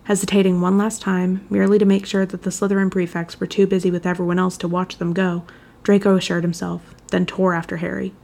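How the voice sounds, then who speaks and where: A woman narrating a fan fiction chapter aloud, reading in an even, measured storytelling manner. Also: lowish voice, vocal fry.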